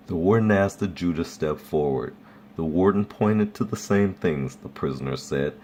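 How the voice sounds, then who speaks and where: A man casually reading folk tales aloud, relaxed and chuckling at his own jokes. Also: rumbling low, measured pace, slight background noise. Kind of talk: casual read-aloud storytelling.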